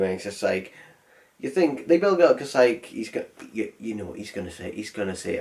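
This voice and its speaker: A man's voice: lowish voice, big pitch swings, fairly quick. A man voicing a sarcastic, rambling film review. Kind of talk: comedic film review voice-over.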